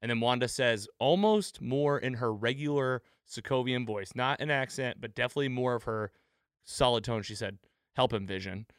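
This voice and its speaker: A man's voice: mid-range voice, normal speed, smooth, no room sound, clean studio sound. A man hosting a casual podcast recap, acting out quoted lines as he talks. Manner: animated, acts out quoted lines. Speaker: podcast host.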